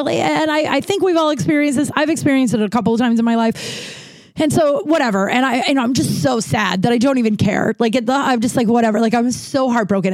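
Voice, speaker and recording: A woman in her thirties telling a personal story on her podcast, rambling and animated, full of fillers and restarts. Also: fairly high pitch, no echo, clean studio sound. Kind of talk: casual storytelling monologue.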